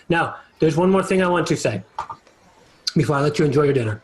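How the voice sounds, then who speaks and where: A man narrating as game master for a tabletop game, easygoing and quick to laugh. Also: a little high, a little hiss or hum, low-quality recording.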